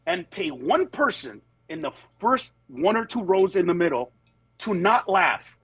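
A man who works as a comedian, telling candid stories in conversation and moving between animated voices and earnest, steady points. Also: high voice, a little slow, slightly rough, dry recording, poor audio. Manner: animated, jumps into voices of other people mid-story. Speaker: comedian guest.

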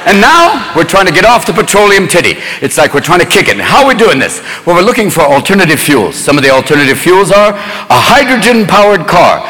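A man doing manic, profane, rapid-fire stand-up comedy, jumping between voices. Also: sits high, very animated, big-room sound. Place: live stage before an audience. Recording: loud crowd and noise. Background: loud laughing audience.

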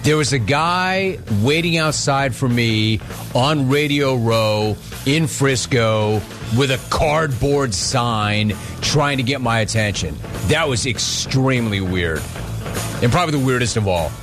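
Animated man hosting a radio show. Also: mid-range voice, a little slow, music in the background. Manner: animated storytelling, acts out quoted dialogue. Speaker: sports radio host. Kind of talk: casual listener Q&A chat.

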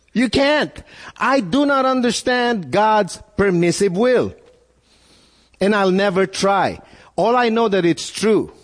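A male pastor preaching a sermon, animated, with repeated phrases and rhetorical questions. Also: fairly high pitch, long reverb tail.

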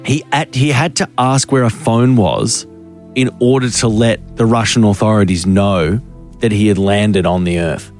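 A man's voice: lowish voice, fairly even intonation, moderate pace, darkish tone, faint music behind. A man hosting a drive-time radio show, telling a story in playful, laughing banter. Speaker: radio host.

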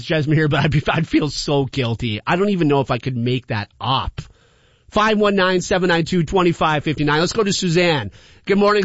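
A male radio host talks in a loose, rambling way with a high voice, laughing now and then. The sound is dry and a bit dull, like a broadcast. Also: a bit bright, no echo. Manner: chatty and rambling, laughs often. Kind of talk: casual call-in radio chat.

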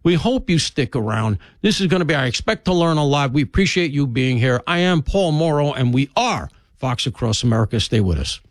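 This is a man hosting a talk radio show, setting out the day's lineup in an emphatic, rambling monologue. His voice sits slightly high for a man and swoops up and down with lively emphasis. The studio sound is close and dry. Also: fairly quick, dry recording. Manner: animated, emphatic, rambling asides.

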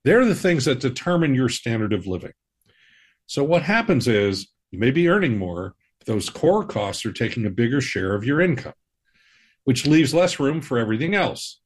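A man hosting a money podcast, explaining personal finance in a measured, reassuring way. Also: mid-range voice, very animated. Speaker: financial advisor, podcast host. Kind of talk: scripted personal-finance talk.

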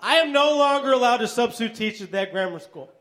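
A man performing stand-up comedy, delivering deadpan one-liners on stage. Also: extremely high pitch, fast talker, background noise.

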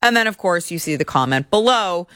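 A woman's voice: lowish voice, animated, a little fast, fairly bright tone, no room sound, studio quality. A woman hosting an opinionated commentary show, speaking in a sarcastic and scornful way.

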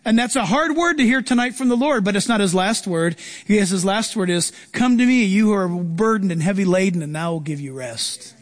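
A man's voice: high-pitched, a little fast. A man preaching a sermon as a pastor, earnest and emphatic, repeating phrases as he drives points home. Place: church.

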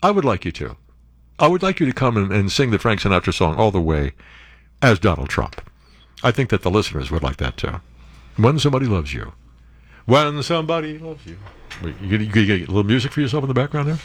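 A man hosting a talk radio show, telling stories in a casual, animated way with frequent laughs, on a studio microphone. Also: on the low side, quick pace, no room sound. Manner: animated storyteller, laughs often, restarts.

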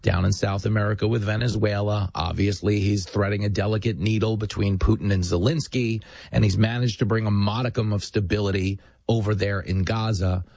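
Man, talk show host, husky voice, sardonic, emphatic, dry studio mic. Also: on the low side, fairly even intonation, brisk, hardly any pauses, darkish tone, no room sound. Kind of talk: political commentary monologue.

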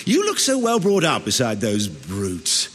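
A spoiled young king in a radio drama, his voice bounding up and down in pitch as he teases and sulks. He sounds petulant and playful, heard with a long, lingering reverb around him. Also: wildly swooping pitch, a little slow, a bit bright, slightly rough, heavily acted. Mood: teasing. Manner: teasing, petulant, swings between wistful and mocking. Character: capricious, pleasure-loving young medieval king.

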